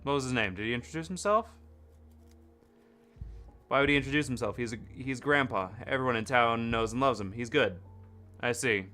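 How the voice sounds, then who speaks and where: A young man streaming a game, reading the characters' lines aloud and breaking off into loud, excited chatter with his viewers. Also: mid-range voice, brisk, long pauses, faint music behind.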